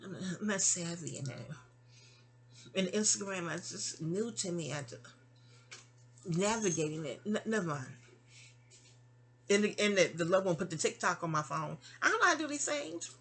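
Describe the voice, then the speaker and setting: A woman's voice: on the low side, animated, moderate pace, long pauses, fairly bright tone. Middle-aged woman vlogger, casual storytelling, rambling and digressive, recorded on a phone at home. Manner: rambling, digressive and chatty, with asides.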